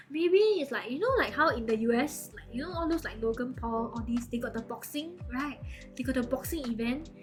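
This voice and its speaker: A woman's voice: high-pitched, expressive, moderate pace, soft background music. A young woman with a Singaporean English accent, chatting casually with live viewers as a streamer, rambling and laughing often.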